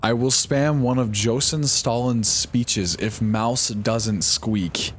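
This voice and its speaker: A man streaming a horror game live, reacting in a goofy, excitable way and often yelping up high. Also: slow pace, slight background noise. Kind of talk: live gameplay commentary. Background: game music.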